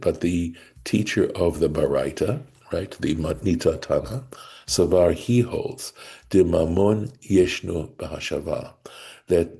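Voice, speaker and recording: A man teaching a Talmud study class, reading Hebrew and Aramaic phrases aloud and translating them, often pausing with "right?" and restarting his sentences. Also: deep voice, mellow, slightly rough. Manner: halting, restarts mid-sentence. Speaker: Torah teacher. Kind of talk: text study lesson.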